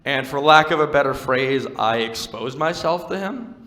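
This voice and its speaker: A young man performing stand-up on a stage mic, his bright, forceful voice carrying a long reverb through the venue. He talks conversationally and wryly, mixing self-deprecating stories with playful crowd work. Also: medium pitch, expressive, normal speed. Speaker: stand-up comedian. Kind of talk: stand-up comedy set.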